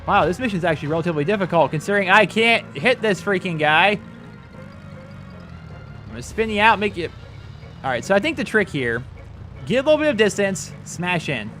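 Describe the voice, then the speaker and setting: Man, let's-play commentary, rambling and chatty, somewhat high voice, very animated pitch. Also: a little fast, pauses often, faint music behind. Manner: rambling, chatty, exclaims at the game. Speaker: gaming channel host.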